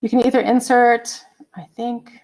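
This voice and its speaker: A woman's voice: a little high, fairly even intonation, normal speed, a little mellow. A middle-aged woman teaching an online college English class over a computer mic, chatty and apologetic, humming to herself as she hunts for files. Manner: chatty, apologetic, hums while searching. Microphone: computer mic on a video call.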